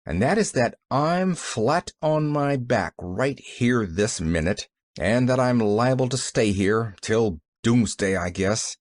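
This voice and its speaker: A man's voice: mid-range voice, lively intonation, takes it slowly, few pauses, dry recording. A man voicing a cross, bedridden older man who answers curtly and grimly in an audiobook. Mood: gruff bitter. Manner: grumbling, curt and grim.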